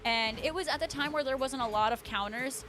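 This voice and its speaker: High-voiced chatty woman streamer. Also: brisk, over music. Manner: chatty, laughs often, answers chat by name. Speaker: livestream host. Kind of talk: casual chat with live viewers.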